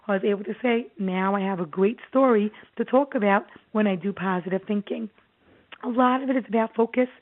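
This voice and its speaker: A woman therapist giving a presentation to parents, earnest and lively as she tells stories and acts out what clients say. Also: a little high. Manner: earnest, animated storytelling with acted-out quotes. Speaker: child therapist giving a talk. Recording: tinny phone-like audio.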